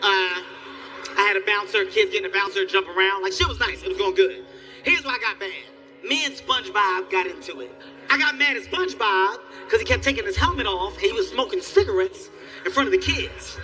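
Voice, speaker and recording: A man doing stand-up comedy, telling a profane story in an animated, exasperated way. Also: high voice, brisk. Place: live comedy venue. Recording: distant live stage recording with faint music.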